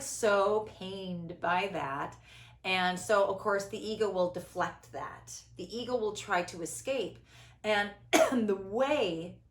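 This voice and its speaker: Woman, 50s, host, animated and dramatic delivery, crisp bright tone, echoey room. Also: medium pitch. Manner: expressive, theatrical, quick shifts between loud and hushed. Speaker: podcast host. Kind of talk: reflective conversational talk.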